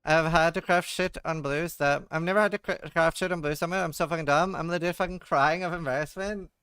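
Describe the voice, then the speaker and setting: A man chats casually on a game stream, swearing, stammering and muttering to himself. His voice is smooth and clear, pitched a little high. The sound is dry, with no room echo. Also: fairly even intonation, a little fast, a bit bright. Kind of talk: casual livestream chat while gaming.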